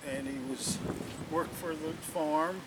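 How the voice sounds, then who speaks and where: Rambling higher-voiced man telling a story. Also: animated, takes it slowly, vocal fry. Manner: rambling, full of "you know" and restarts. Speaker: interviewee telling a local story. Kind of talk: casual storytelling. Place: outdoors at night near a bonfire. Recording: distant mic, loud wind and outdoor noise.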